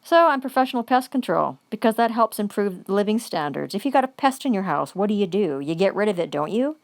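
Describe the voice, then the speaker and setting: A woman's voice: medium pitch, very animated, a little fast, dry recording. A woman giving an angry, profane vlog monologue, repeating phrases for emphasis.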